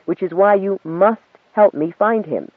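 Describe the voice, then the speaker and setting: A man's voice: high-pitched, measured pace, no echo, narrow, tinny audio, pitched above the performer's own voice. A man doing a desperate, pleading young captain. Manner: urgent, agitated pleading.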